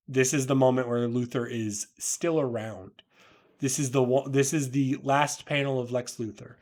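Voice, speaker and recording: A man's voice: medium pitch, fairly even intonation, unhurried. A man giving casual commentary on a classic comic, with stumbling, filler-heavy asides.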